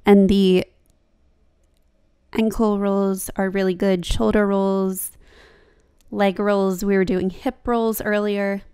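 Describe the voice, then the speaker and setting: A woman's voice: mid-range voice, flat delivery, slow pace, long pauses, dark tone, clear, resonant tone. A young woman talking casually over her own yoga practice as a vlogger, chatty and laughing at herself.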